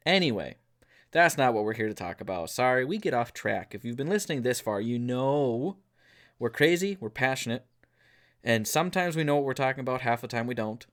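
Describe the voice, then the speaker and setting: A man's voice: medium pitch, lively intonation, a little fast, fairly bright tone. A man co-hosting an outdoors podcast, chatting casually, jokey and rambling off on tangents. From northern US. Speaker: podcast co-host. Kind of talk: casual chat.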